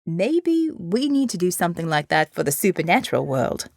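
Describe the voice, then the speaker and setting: Woman doing a laid-back guy, wry and slow, deep-ish put-on voice, dry sound. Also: big pitch swings, creaky, a little mellow, no room sound. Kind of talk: audiobook character voice.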